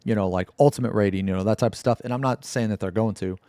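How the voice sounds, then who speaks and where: A man's voice: fairly low pitch, fast talker, mellow, no room sound, clean studio sound. A man streaming a casual reaction, talking bluntly and with a lot of swearing as he rants about game news. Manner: blunt, profane, heated outbursts.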